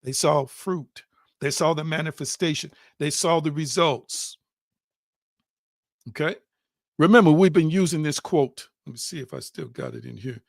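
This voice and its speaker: A man giving a spiritual teaching with an emphatic, insistent delivery, stressing points by repeating himself. His voice sits a little high for a man. The sound is dry and close, with no room around it. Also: moderate pace, vocal fry, no echo. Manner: addresses listeners as family.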